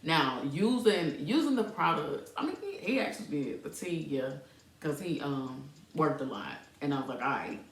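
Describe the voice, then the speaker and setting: A woman with a fairly low voice tells a personal story in a loose, animated way, speaking straight to her listeners. She laughs easily and shifts her tone often. Her voice carries a roomy echo, picked up by a mic set some distance away. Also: moderate pace. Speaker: podcast host. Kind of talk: casual storytelling to the audience.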